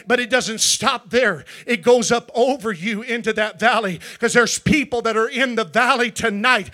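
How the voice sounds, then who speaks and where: A male pastor with a very high, bright and forceful voice preaches a Pentecostal sermon in a church. He drops to a hushed storytelling tone, then climbs into shouting with stretched-out emphatic phrases. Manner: drawn-out emphatic phrases at climaxes. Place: church sanctuary.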